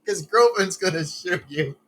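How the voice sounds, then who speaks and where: Slow, high-voiced man laughing through a reaction. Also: fairly bright tone, slight background noise. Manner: rambling, laughing often, lots of swearing and slang. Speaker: video reactor. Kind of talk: casual reaction commentary.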